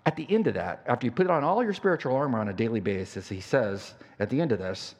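A man's voice: mid-range voice, animated, fast talker. An older man preaching a sermon as pastor, telling a story in a conversational way with many fillers and restarts. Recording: church hall reverb.

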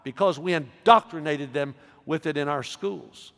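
Emphatic preacher in a reverberant hall. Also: male voice, on the high side, a little slow, gravelly. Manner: emphatic preaching with sudden loud and soft swings. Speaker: pastor. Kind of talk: sermon. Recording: long reverb of a large hall.

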